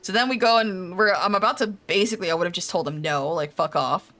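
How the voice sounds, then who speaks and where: A woman's voice: mid-range voice, lively intonation, fast talker, pushed and bright, soft background music. A young adult woman streaming a game, recapping its story in casual chat, swearing freely and laughing often.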